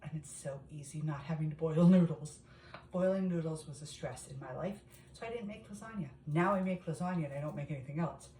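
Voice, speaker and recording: A woman's voice: low-pitched, fairly quick, dark tone, slight background noise. Chatty woman cooking in echoey kitchen. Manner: chatty, talks straight to viewers. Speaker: home cooking vlogger. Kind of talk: casual cooking demonstration. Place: home kitchen.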